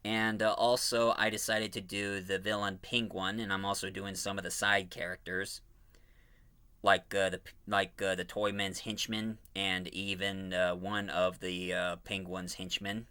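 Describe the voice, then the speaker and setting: A man with a deep, smooth, sharp-toned voice and little pitch movement speaks at a measured pace on his own fan audio drama channel. In a casual preview, he talks enthusiastically about casting, rambling and correcting himself along the way.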